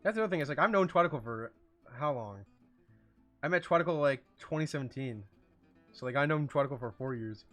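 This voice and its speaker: A young man hosting a casual streaming podcast, rambling and joking, dropping to a mumble and then jumping into loud bursts. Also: on the high side, lively intonation, fairly quick, faint music behind. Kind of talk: casual chat.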